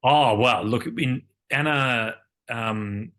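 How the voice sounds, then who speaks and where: A man's voice: mid-range voice, extremely slow, a bit bright. A man, talking as an interview guest in a loose, rambling way with many fillers and restarts. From Australia. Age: 50s. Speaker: guest, Olympic cyclist and commentator. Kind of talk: casual interview conversation.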